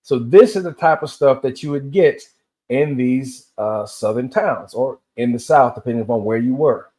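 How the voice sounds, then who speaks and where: A man's voice: medium pitch, moderate pace, warm tone. A man in his fifties from Tennessee, rambling through a solo rant and telling loose stories that drift between tangents. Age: 50s. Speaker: vlogger.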